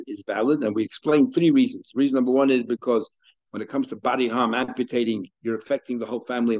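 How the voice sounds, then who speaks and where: A man's voice: medium pitch, a little mellow, muffled recording. A man teaching a daily Talmud class in a conversational way, thinking aloud with frequent restarts and mixing Hebrew and Aramaic terms into his English.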